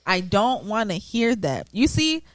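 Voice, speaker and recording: A woman in casual podcast talk, speaking at a middle pitch, blunt and emphatic. The recording is dry and close to the mic. She drops curse words without hesitation. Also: very animated, unhurried, dry recording. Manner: blunt and emphatic, swears freely. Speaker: podcast co-host. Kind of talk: casual chat.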